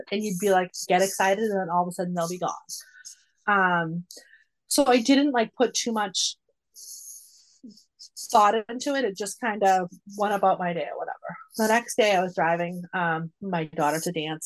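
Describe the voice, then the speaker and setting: A woman's voice: on the low side, moderate pace, rough recording. Chatty woman telling a family story. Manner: rambling, many "like" fillers, animated when quoting. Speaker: mother of a nonverbal daughter, guest. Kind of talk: casual conversational storytelling.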